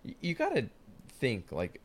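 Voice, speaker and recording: A man in casual chat, chiming in with brief reactions and quick laughs. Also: mid-range voice, huge pitch swings, a crowd in the background.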